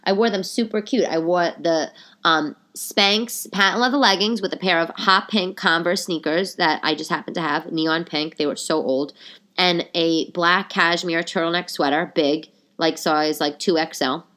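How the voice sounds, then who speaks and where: A woman's voice: lowish voice, normal speed, fairly bright tone. A middle-aged woman hosting her own podcast, a little nasal today, chatting and telling rambling stories with lots of asides. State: a bit nasal from a cold. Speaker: podcast host. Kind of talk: casual solo podcast chat.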